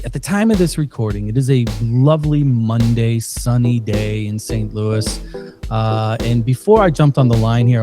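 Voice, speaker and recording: A man hosting a podcast, opening the episode in a chatty, loose way with plenty of fillers. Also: medium pitch. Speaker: podcast host. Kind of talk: casual podcast intro. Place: indoors, recorded in Saint Louis.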